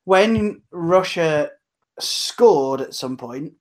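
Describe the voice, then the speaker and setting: A man recapping matches in casual chat, hesitant with many pauses and ums. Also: fairly high pitch, lively intonation. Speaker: podcast co-host.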